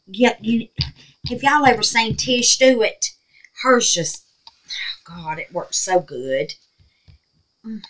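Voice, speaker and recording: A middle-aged woman hosting a crafting video, talking casually and excitably with many exclamations. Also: medium pitch, poor audio. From Southern United States. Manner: chatty, excitable, frequent exclamations. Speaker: resin craft video host. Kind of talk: casual crafting demo talk.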